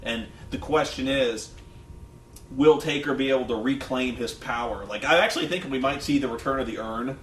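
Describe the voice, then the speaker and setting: A co-host of a wrestling review show chats casually, rambling, swearing a lot, and using plenty of fillers. His voice is medium-pitched and a bit bright, at a normal speed. The room is echoey, the mic distant, and a faint hum runs underneath.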